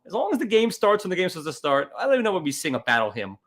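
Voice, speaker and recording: A man co-hosting a comedy podcast who tosses off wry asides. He talks in a casual, joking way. His voice sits a little high and moves up and down with lots of life. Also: huge pitch swings, rapid-fire, fairly bright tone. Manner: wry, offhand jokester. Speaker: podcast co-host.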